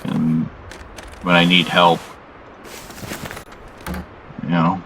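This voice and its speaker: A man hosting a casual confessional vlog, weary and subdued, talking haltingly with lots of "you know" fillers and frequent swearing. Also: sits low, completely flat delivery, noisy background. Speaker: channel host.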